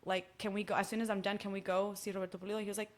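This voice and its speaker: Animated Texan woman telling a story. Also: medium pitch, racing. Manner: animated storytelling, acts out quoted dialogue. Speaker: guest musician. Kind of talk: casual chat.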